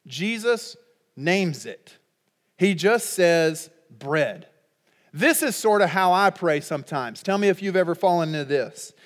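A middle-aged male pastor preaching a sermon in a conversational, humorous way, breaking into loud, emphatic peaks. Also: high voice, lively intonation, moderate pace, in a large hall.

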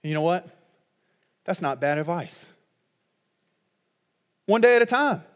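A middle-aged male pastor preaching a sermon in a conversational, humorous way, breaking into loud, emphatic peaks. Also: high voice, lively intonation, a little slow, clear, resonant tone, long reverb tail.

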